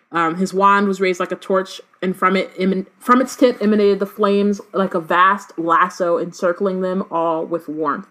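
A woman's voice: lowish voice, a bit bright. A woman reading a book aloud and breaking off into casual slangy commentary, full of "um" and "like". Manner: many fillers and "like", loose slangy asides. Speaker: podcast co-host reading and discussing a book.

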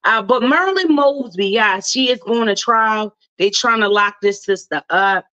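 A woman's voice: mid-range voice, normal speed, pushed and bright, muffled recording. A woman from Baltimore with a Baltimore accent, hosting talk radio in a loose, chatty way that is full of slang. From Baltimore, Maryland, USA. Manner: chatty, laughs often, loose slangy phrasing. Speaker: radio host. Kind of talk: casual talk radio commentary.

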